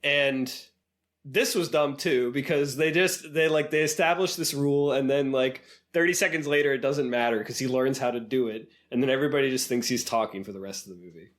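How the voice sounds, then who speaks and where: A man's voice: mid-range voice, fairly quick, fairly bright tone. A man co-hosting a film podcast, wryly poking fun at a movie in casual chat. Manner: wry, mocking, puts on silly voices when quoting characters. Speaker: podcast co-host.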